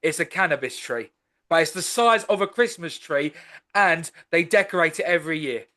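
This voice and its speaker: High-voiced rambling podcast host man. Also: lively intonation, normal speed, sharp tone. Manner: loose, rambling, swearing freely. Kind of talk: casual podcast chat.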